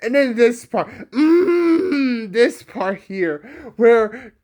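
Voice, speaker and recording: A man's voice: extremely high pitch, extremely slow, darkish tone. A man ranting in a casual anime review, exasperated and sarcastic, laughing often.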